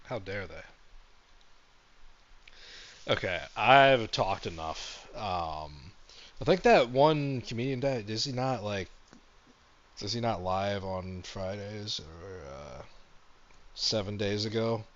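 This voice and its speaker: Low-voiced man rambling sarcastically. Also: takes it slowly, long pauses, muffled recording. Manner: rambling, sarcastic, deadpan jokes. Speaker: streamer host. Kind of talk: rambling comedic monologue.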